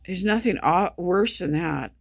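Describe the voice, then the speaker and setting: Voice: mid-range voice, expressive, measured pace, creaky, no room sound, studio quality. A vlogger talking in a casual monologue, exhausted, sleep-deprived and feeling sick, rambling and repeating themselves with many restarts. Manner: rambling, repetitive, restarting sentences.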